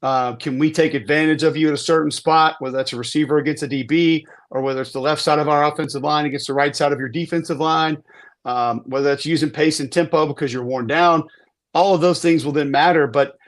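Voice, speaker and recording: Emphatic man talking football, higher voice. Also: steady tone, quick pace. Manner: emphatic, repeats words, restarts sentences. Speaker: football analyst guest. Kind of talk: casual sports podcast talk.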